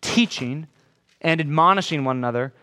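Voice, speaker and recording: Conversational preacher who keeps asking "right?". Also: male voice, fairly high pitch, normal speed, pushed and bright, clean tone. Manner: conversational, keeps asking "right?", acts out quotes in changed voices. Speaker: pastor. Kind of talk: sermon. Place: room with a congregation.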